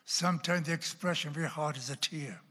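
A man, a pastor, telling a story in an animated sermon and breaking into loud bursts now and then. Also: fairly high pitch, a little fast, husky, big-room sound. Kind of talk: storytelling sermon at a church class.

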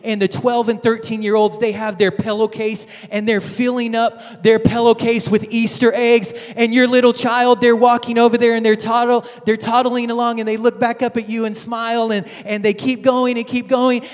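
A male pastor giving a sermon, telling stories in an animated way with frequent restarts. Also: very high-pitched, brisk, few pauses. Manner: animated storytelling with many restarts. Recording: reverberant church hall.

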